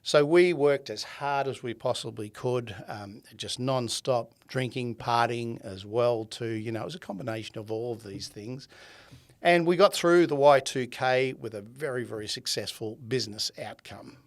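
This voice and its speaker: A man in his seventies with an Australian accent tells his story as a podcast guest, full of energy, acting out quoted dialogue and laughing often. His voice is mid-range and his speed normal.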